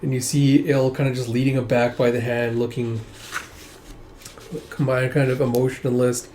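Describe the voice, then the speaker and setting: A man's voice: medium pitch, level tone, normal speed, a little mellow, slight background noise. A man casually narrating a comic read-through, chatting loosely with many filler tags. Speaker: comic book reviewer.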